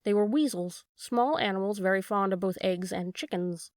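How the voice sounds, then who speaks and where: A woman narrating a classic children's tale for an audiobook in a steady storytelling manner. Her voice sits in a middle pitch and the recording is dry and close. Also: moderate pace, dry recording. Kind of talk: scripted narration.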